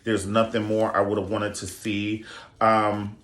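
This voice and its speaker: A man's voice: lowish voice, monotone, a little slow, a bit bright. A man giving a campy, profane show review, sassy and full of asides. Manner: campy, sassy, profane, calls people honey. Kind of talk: casual comedic retelling. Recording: echoey room.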